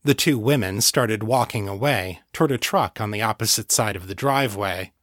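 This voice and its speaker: A man reading a novel aloud as an audiobook narrator, in an even, measured storytelling way. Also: on the low side, no room sound, studio quality.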